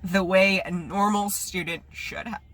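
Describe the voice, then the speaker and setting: A woman's voice: mid-range voice, expressive, brisk, bright, forceful tone, a little hiss or hum. A young woman in her twenties venting on a vlog, angry and profane while holding back tears. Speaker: vlogger. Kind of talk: emotional vlog rant.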